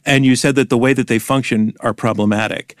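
Measured male debate moderator, dry studio. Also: mid-range voice, steady tone, no echo. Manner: measured, inquisitive. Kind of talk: radio debate hosting.

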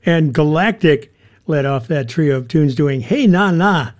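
Older male DJ, 60s, a bit high and hoarse, relaxed chatty back-announcing. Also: measured pace. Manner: easygoing, conversational, chatty asides between songs. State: slightly hoarse, losing his voice. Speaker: radio DJ. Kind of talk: radio DJ back-announcing songs.

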